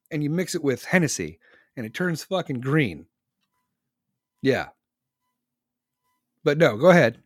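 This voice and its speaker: A man's voice: fairly high pitch, no room sound, studio quality. A man in his forties in casual, profane, rambling chat, reading and answering comments from his audience.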